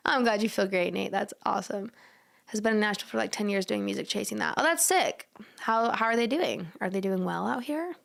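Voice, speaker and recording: A woman's voice: medium pitch, animated, moderate pace, gravelly. A young woman casually chatting with viewers on a livestream from home, giggly and slangy, often cooing at her cat. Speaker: livestream host.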